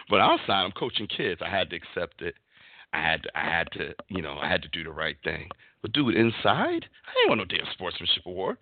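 A man hosts a casual sports chat, his pitch leaping around as he tells stories with many restarts. The sound is dry and thin, like a phone call. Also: normal speed, dry recording. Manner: animated storytelling, many restarts. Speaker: podcast host.

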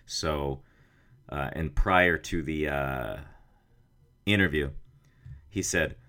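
An American man, roughly around thirty, hosting a podcast in a loose, rambling, self-mocking monologue with casual swearing. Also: rumbling low, slow, bright, forceful tone. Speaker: podcast host. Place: indoor office studio.

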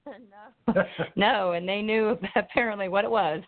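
Speaking slowly at a medium pitch, a female paranormal investigator recounts a story during an interview, full of ums and false starts. Her call-in phone line sounds tinny, and her voice occasionally fades as she drifts off the mic.

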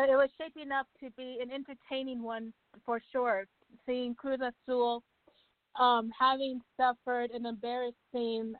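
A woman guest on a soccer radio show, giving measured, detailed analysis. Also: on the high side, no echo. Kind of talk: sports talk radio discussion. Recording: tinny phone-line sound.

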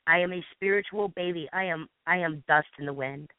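A woman's voice: fairly low pitch, no room sound. A woman from Massachusetts giving a fervent personal testimony as a guest panelist and reading scripture aloud, sometimes stumbling and restarting. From Massachusetts, USA. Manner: earnest, fervent, with halting restarts. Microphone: phone call. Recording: tinny phone line on internet radio.

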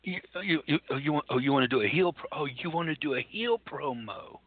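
A man with a fairly high, lively voice co-hosts a comedy radio show, talking fairly quickly. Stammering and exasperated, he mock-interviews a guest, captured on a tinny, phone-like lo-fi recording.

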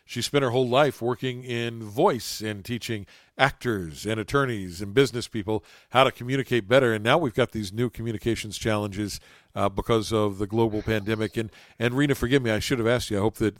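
A man's voice: lowish voice, fairly even intonation, fairly quick, dry recording, studio quality. A man from southern West Virginia hosting an interview podcast with a friendly, courteous broadcaster delivery. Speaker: podcast host.

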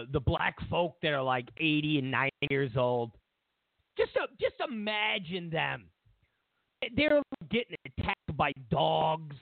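Over a tinny, phone-like, dry line, a male host rambles through a sarcastic comedic rant full of restarts. His voice runs a little high with vocal fry, and there's no room sound.

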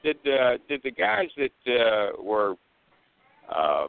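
A man co-hosting a casual chat show, asking halting questions with many pauses. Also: mid-range voice, huge pitch swings, vocal fry, smooth, dry recording. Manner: halting, lots of uh fillers. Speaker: co-host. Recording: tinny phone line.

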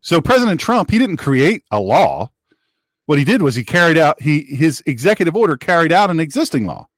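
Animated, emphatic male talk show host. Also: on the high side, a little fast, dry recording, clean studio sound. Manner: emphatic, sarcastic, preachy. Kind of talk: opinionated radio show monologue.

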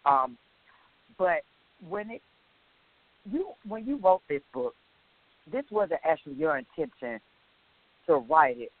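A woman hosting a faith-based interview, talking in an emphatic, expressive way. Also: fairly low pitch, slow, long pauses, dry recording. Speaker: radio show host. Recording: tinny phone line.

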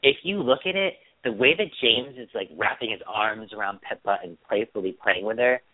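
A chatty man co-hosting a casual talk show, rambling through a story and putting on a squeaky mocking voice for quotes. His voice sits low and is heard over a thin, tinny phone line. The sound is dry and close. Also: normal speed, dry recording. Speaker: podcast co-host. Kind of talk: casual chat.

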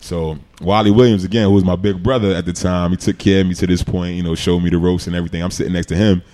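A man, telling stories as a guest in a casual interview, animated and laughing often. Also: low-pitched, fast. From New York City. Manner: animated storyteller, laughs often, acts out quotes. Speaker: podcast guest, former football player.

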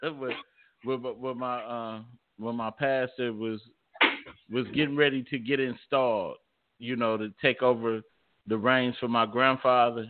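A man's voice: mid-range voice, fairly even intonation, measured pace. Laughing, stammering man on tinny audio. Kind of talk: casual chat.

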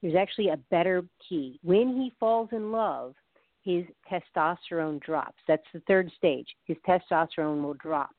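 A woman's voice: lowish voice, moderate pace, no room sound. A woman guest expert, talking in a chatty explanatory way and telling anecdotes with quoted voices. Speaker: guest expert on the science of love. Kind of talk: casual explanatory interview talk. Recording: phone-like narrow sound.

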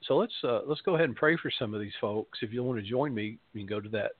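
A middle-aged Southern American man talks loosely through his radio show, circling with fillers and wry jokes at his own expense. His voice sits at an ordinary pitch. It comes through a narrow, tinny line with a dry, close sound. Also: fast, no echo. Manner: rambling, many uh fillers, self-deprecating humor. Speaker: pastor hosting a spiritual radio show. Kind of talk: casual spoken radio monologue.

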